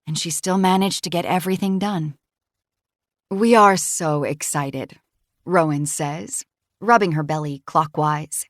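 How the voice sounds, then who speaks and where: A woman with a low, even voice reads first-person fiction for an audiobook in a calm, measured way. The sound is close and dry, with no room around it. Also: dry recording. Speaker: audiobook narrator.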